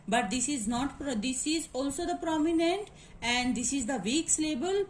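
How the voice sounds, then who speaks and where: A woman's voice: on the high side, slight background noise. A woman giving a classroom lecture, repeating each word and spelling the sounds out letter by letter. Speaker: teacher. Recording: echoey room.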